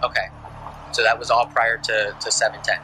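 A man's voice: medium pitch, little pitch movement, normal speed, noisy background. A police officer, a man, giving patient, repetitive sobriety test instructions at the roadside at night.

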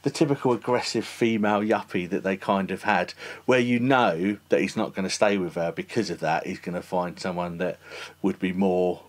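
Male podcast host with a low voice, chatty and self-deprecating, laughs a lot. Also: steady tone, moderate pace. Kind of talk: casual podcast chat.

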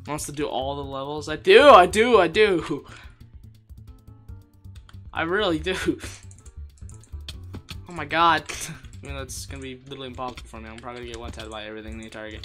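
Bright-voiced excitable game streamer. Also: medium pitch. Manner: excitable, laughs often, repeats phrases; jokey, self-deprecating. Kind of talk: live gameplay commentary.

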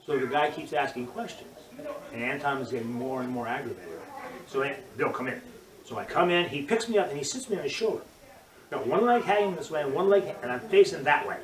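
An older man, a judo instructor, telling animated stories in an interview and acting out the voices of the people in them. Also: mid-range voice, fairly quick. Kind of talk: storytelling interview. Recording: roomy, distant mic, crowd murmur.

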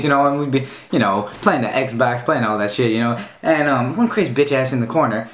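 A man's voice: medium pitch, fast talker, few pauses, reverberant, slight background noise. A male YouTuber delivering a comedic, profane rant in a slangy, mock-tough way. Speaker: YouTube commentator.

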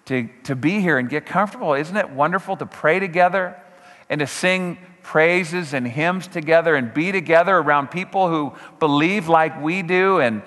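A man preaching a sermon as pastor, emphatic, slowing down on key phrases and swinging his pitch up and down. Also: a bit bright. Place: church sanctuary. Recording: church hall reverb.

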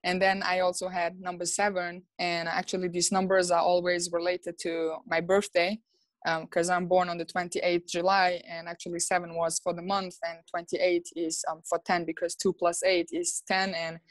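A woman's voice: on the low side, level tone, moderate pace, no room sound. A young woman, a basketball player guesting on a podcast, talking in a friendly, loose way. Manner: friendly, loose, says "like" and "actually" a lot. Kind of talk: casual podcast interview.

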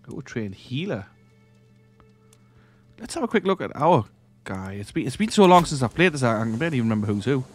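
A man hosts a let's-play with a medium-pitched, sing-song voice, moving briskly over soft background music. He thinks aloud casually while playing a strategy game, often trailing off and starting over.

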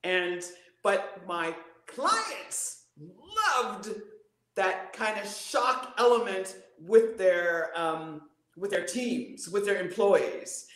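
An animated woman voice coach who talks as a guest on a live-streamed interview, playful and showing points with her own voice. Her pitch leaps high and drops low all the time. The room around her rings with echo. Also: drawn-out words.

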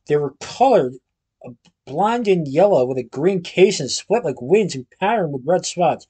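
A man reading a children's storybook aloud at a steady pace, occasionally restarting a phrase. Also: a little high, moderate pace, breathy edge. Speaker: storybook reader.

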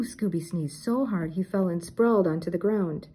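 An older woman reading a children's mystery book aloud in a steady storytelling manner. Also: fairly low pitch, moderate pace, breathy edge, low-quality recording. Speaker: storybook reader.

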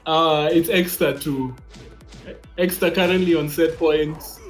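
A man giving casual commentary on a fighting game match, excitable and disbelieving. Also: fairly high pitch, a little slow, soft background music. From Africa. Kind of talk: esports commentary.

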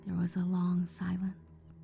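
Mellow woman narrating a dark tale. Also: on the low side, completely flat delivery, measured pace, vocal fry, husky, faint music behind. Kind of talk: scripted storybook narration.

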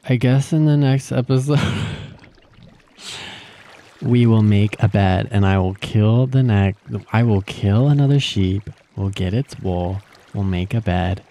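A young man commentating his own video game play, excitable, gasping and squealing at the animals he finds. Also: fairly low pitch, moderate pace, few pauses. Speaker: gaming channel host. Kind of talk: gameplay commentary.

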